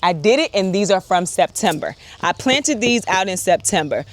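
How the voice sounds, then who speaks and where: A woman chatting excitedly to viewers while harvesting in her outdoor garden, talking straight to the camera. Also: medium pitch, moderate pace. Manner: chatty and excitable, often addresses viewers as y'all. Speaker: urban homesteader, channel host. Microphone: wireless clip-on mic.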